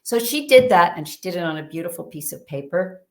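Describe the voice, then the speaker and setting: Animated woman telling a story, a bit under the weather. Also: fairly low pitch, a little fast. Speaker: guest. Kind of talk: storytelling in an interview.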